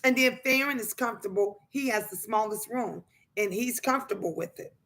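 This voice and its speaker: A woman livestreaming in an animated, emphatic way, with a somewhat high, bright, forceful voice. She speaks plainly and colloquially, greeting viewers by name and repeating phrases for emphasis. Her delivery is casual and outspoken. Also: brisk. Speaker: livestreamer and mother.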